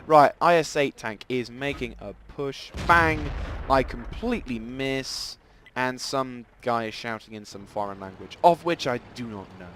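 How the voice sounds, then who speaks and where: A man giving rambling, self-deprecating live commentary over a tank game, with sudden excited outbursts. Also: mid-range voice, moderate pace, a little hiss or hum. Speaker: gameplay commentator. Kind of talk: casual live gameplay commentary.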